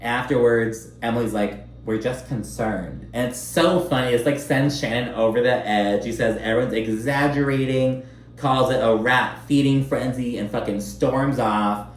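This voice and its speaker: A man's voice: medium pitch, moderate pace. Sassy, profane man recapping in an echoey room. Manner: profane, catty, animated with mocking quoted voices. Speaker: recap commentator. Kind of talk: casual reality-TV recap.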